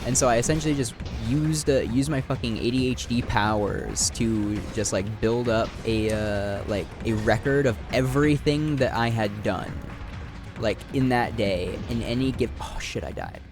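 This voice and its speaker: Young man, mid-pitched, loose rambling musings with swearing, game music playing clearly behind him. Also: normal speed. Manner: rambling, filler-heavy, swears casually. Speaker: gaming video creator. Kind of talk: reflective talk over gameplay.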